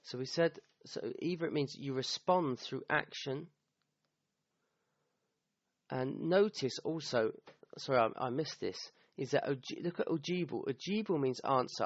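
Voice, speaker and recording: A man's voice: mid-range voice, gravelly, dry recording, highs cut off. A man teaching the meaning of a Quran verse, thinking aloud with restarts and often checking in with "okay?". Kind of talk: recorded talk explaining a verse.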